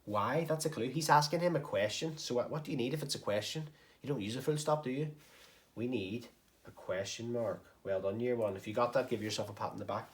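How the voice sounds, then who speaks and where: A primary school teacher with a brisk, mid-range voice records a home-learning writing lesson for young pupils. He explains step by step and encourages them along the way.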